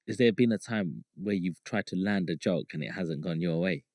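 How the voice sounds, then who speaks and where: A man's voice: sits low, normal speed, a little mellow, no room sound, studio quality. A man hosting a podcast, chatting and asking questions in an easygoing, enthusiastic way. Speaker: podcast host. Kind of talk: casual podcast chat.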